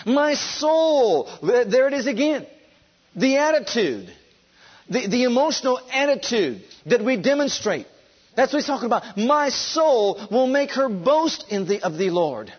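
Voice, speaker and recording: A man preaching a sermon with fervent, drawn-out emphasis, leading his congregation to repeat after him. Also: extremely high pitch, big pitch swings, breathy edge, dull audio. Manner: leads the congregation in call and response.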